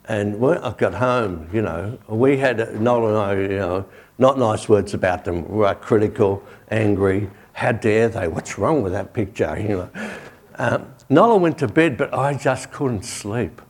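A man's voice: lowish voice, measured pace. A male pastor giving a sermon and a prayer while kneeling, telling a story in a conversational way with frequent "you know".

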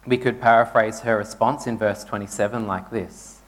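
A man's voice: fairly low pitch, steady tone, normal speed, few pauses. Man preaching a conversational sermon. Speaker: pastor.

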